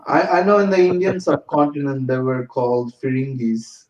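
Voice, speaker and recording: A man from Bangladesh, co-hosting a podcast in halting casual chat. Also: medium pitch, fairly even intonation, darkish tone, roomy sound, dull audio. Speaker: podcast co-host.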